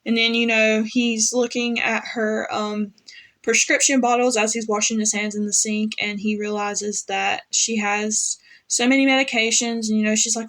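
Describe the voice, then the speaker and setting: A woman's voice: a little high, level tone, normal speed, fairly bright tone. A woman casually recapping a TV episode as a fan reviewer, chatty and full of fillers as she paraphrases the characters' lines.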